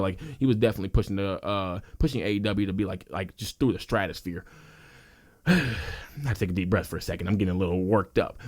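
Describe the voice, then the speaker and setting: A man's voice: fairly low pitch, darkish tone. A young man giving a heated, emphatic opinion rant on wrestling, often stumbling and restarting as he gets worked up. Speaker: wrestling commentator youtuber.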